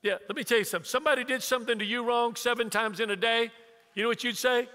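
A man in his sixties preaches with a bright, ringing, high-pitched voice, which carries a long reverb through a church sanctuary. He is a pastor who tells funny family stories and acts out both sides of the conversations. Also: steady tone, quick pace. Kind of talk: sermon.

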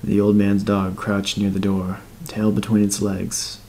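A man narrating a dark horror tale in a measured, scripted storytelling voice. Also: on the low side, completely flat delivery, a little hiss or hum, rough recording.

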